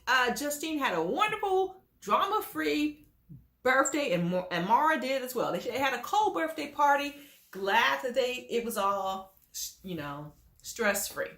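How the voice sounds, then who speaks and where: Sassy lady host spilling reality tv tea, bright high voice, echoey room. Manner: sassy, animated, drawn-out emphasis. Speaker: commentary show host. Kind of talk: reality TV gossip commentary.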